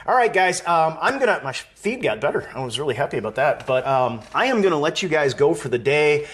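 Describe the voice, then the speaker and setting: A man's voice: a little high, big pitch swings, a little fast, a bit bright. A man from Wisconsin hosting a live fan stream, chatting casually, reading viewer comments aloud and laughing easily. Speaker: live show host.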